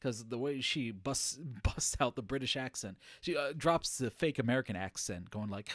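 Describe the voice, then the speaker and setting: A man's voice: mid-range voice, normal speed, hardly any pauses, no room sound, clean studio sound. A man streaming a game live, commenting in a rambling, jokey way.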